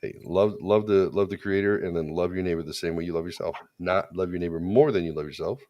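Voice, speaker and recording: A very low-voiced man holds forth on a podcast. He talks casually, is blunt and crude, and often restarts his sentences as he goes. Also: fast talker, lo-fi sound. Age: adult parent. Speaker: podcast co-host. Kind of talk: casual opinionated chat.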